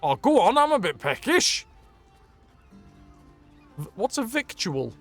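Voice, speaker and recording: Young man, game streamer, playful, jokey, high voice, very lively pitch. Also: slow pace, soft background music. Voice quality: jokey, playful, sings snippets. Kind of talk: live game commentary.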